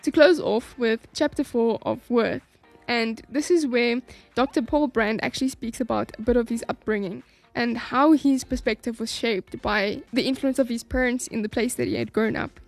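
A woman reading a book aloud in a calm, measured way, then giving her review of it. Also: fairly high pitch, creaky, soft background music.

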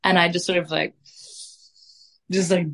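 A young woman musician speaks in a low, fairly even voice that seldom rises or falls. She chats in a loose, dreamy way, drifting from thought to thought, with easy little laughs. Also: a little slow. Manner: dreamy, rambling, laughs easily. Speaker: guest musician. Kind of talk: casual interview chat.

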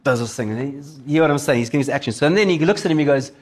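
A man preaching a sermon as a pastor, telling a story in a casual, animated way. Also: a little high, very fast, slightly rough.

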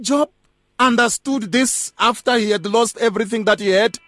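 A man hosting a Christian radio talk show, speaking deliberately with stuttered restarts. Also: high voice, a bit bright, no echo.

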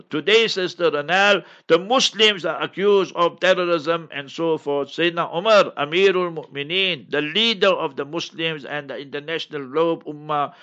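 An emphatic male mufti answers questions in a lecturing tone, hammering home each point. His voice is bright and forceful and sits a little high. The recording sounds dull and lo-fi. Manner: emphatic, instructive, repeats key points. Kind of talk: radio Q&A lecture.

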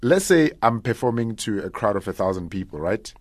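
A man, a stand-up comedian talking casually in a radio interview, animated and often laughing. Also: lowish voice, brisk, dry recording, clean studio sound. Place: radio studio.

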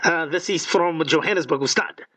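A male radio co-host reading out listener messages with animated, quick interjections. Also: a little high, far from the mic. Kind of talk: radio talk. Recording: dull sound, away from mic.

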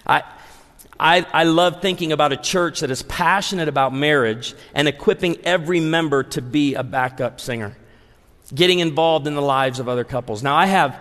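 Animated pastor in his forties. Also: on the high side, moderate pace. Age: 40s. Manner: animated, acts out dialogue. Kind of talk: humorous sermon storytelling. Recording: long hall reverb.

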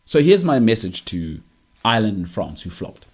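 A man's voice: on the low side, big pitch swings, normal speed, darkish tone, slightly rough. A young South African man hosting a podcast, delivering an opinionated monologue in a teasing, emphatic way that keeps repeating its punchlines. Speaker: podcast host.

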